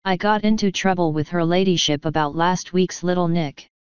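A woman's voice: lowish voice, moderate pace, clear, resonant tone, no room sound, highs cut off, lightly acted. A woman reading an audiobook, voicing a formal, unflappable male butler who politely says sir. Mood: deadpan. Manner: deferential, ends lines with sir.

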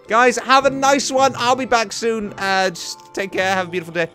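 A man hosting a let's play, giving casual gaming commentary and excitedly talking to himself and the creatures in the game. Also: high-pitched, brisk, few pauses. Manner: excitable, talks to himself and the mobs. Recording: game music underneath.

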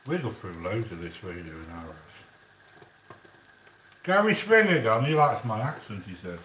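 Rambling home cook, lively up-and-down delivery, recorded off-mic. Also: male voice, lowish voice, normal speed, far from the mic, a little hiss or hum. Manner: chatty, rambling asides between instructions. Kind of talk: casual cooking demonstration. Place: home kitchen. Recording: roomy echo, voice from off-mic.

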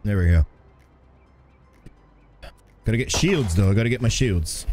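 Man, game streamer, lively pitch, chatty and laughing, faint game music and gunfire behind. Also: measured pace. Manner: chatty, laughs often, talks to chat. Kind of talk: casual live gameplay chat. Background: game sounds and gunfire.

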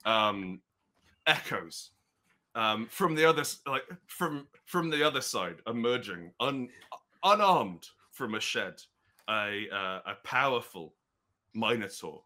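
A man's voice: fairly low pitch, lively intonation, slow, bright, forceful tone. A man narrating as game master of a tabletop game, rambling and chatty with many restarts.

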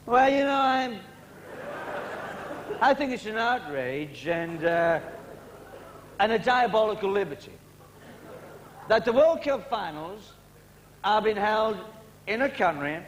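An indignant retired football star, as a comedian puts him on, rambling on in outrage in a high voice, with faint background noise from the old TV recording. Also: male voice, animated, slow pace, long pauses, low-quality recording. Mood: outraged.

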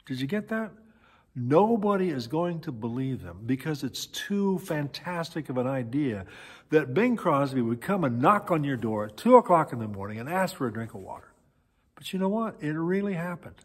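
A male pastor delivers a sermon in a husky voice, his pitch rising and falling in lively swings as he tells a story. He stops often to search for words, and the church hall around him gives a long, echoey reverb. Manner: animated storytelling with many pauses and fillers. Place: church sanctuary.

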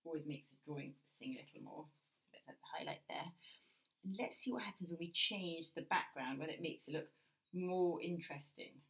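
A woman with a British accent teaching a drawing lesson, talking gently and thinking aloud as she works. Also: sits low, a little fast. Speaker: art teacher. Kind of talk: drawing lesson while working.

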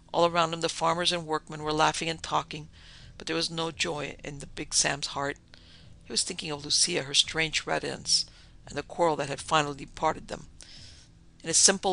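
A podcast narrator reads a classic horror tale in dramatic, measured scripted narration. The voice has a gravelly texture and a bright, forceful edge. Each scene unfolds like a fireside ghost story. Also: mid-range voice.

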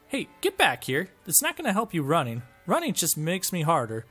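A man narrates his gameplay with sarcastic jokes, frequent laughs and mild swearing. His pitch swings up and down with lots of animation and sits a little high for a man. He sounds like a casual let's-play commentator reacting as he goes. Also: huge pitch swings, brisk, hardly any pauses, bright, forceful tone, breathy edge, soft background music.

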